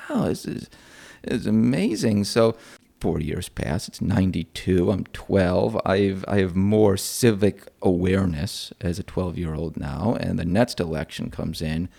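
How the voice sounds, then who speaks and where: A man's voice: sits low, steady tone, unhurried, gravelly, mellow. A man in his forties from upstate New York, chatting as an interview guest with a self-deprecating, rambling manner. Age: 40s. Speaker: guest, opposition researcher. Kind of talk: conversational interview.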